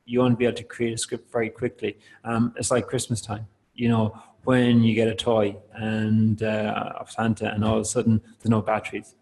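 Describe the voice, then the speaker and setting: A man walks listeners through a software product in a webinar. His voice sits low and keeps a flat, even contour. He talks loosely, circling back with fillers and restarts. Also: moderate pace, creaky, few pauses, rough recording. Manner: loose, rambling delivery with many fillers and restarts. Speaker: product presenter. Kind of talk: webinar talk.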